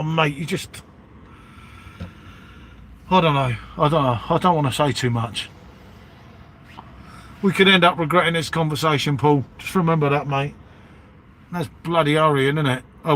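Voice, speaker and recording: Rambling bloke saying mate. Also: male voice, on the high side, moderate pace, pauses often, fairly bright tone, a little hiss or hum. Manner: matey, rambling, says "mate" and "innit" constantly. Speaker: livestream host chatting with viewers. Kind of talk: casual live-stream chat.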